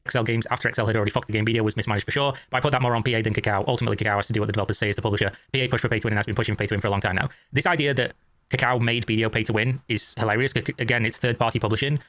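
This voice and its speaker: A man's voice: lowish voice, steady tone, very fast, fairly bright tone, dry recording. A man in a video that is being reacted to, giving argumentative and profane opinion commentary.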